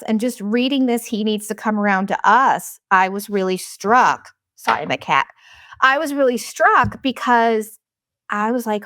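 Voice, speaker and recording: A woman's voice: mid-range voice, expressive, normal speed, fairly bright tone, no room sound, studio quality. A woman in her thirties hosting a podcast, talking frankly about her own life in a blunt, candid monologue and swearing freely. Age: 30s. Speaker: podcast host.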